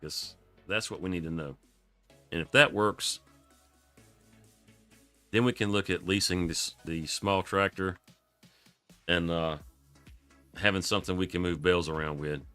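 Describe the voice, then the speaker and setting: A man's voice: low-pitched, measured pace, pauses often, bright, forceful tone, smooth, faint music behind. A man giving casual, rambling live commentary on a farming game, chuckling often, his voice froggy from coughing.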